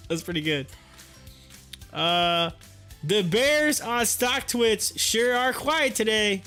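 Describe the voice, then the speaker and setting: A man hosting a live stream in loose, rambling chat, with a very high voice and a bright edge to it. He laughs often and restarts his sentences. Faint music plays under his talk. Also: expressive, slow pace. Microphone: headphones on.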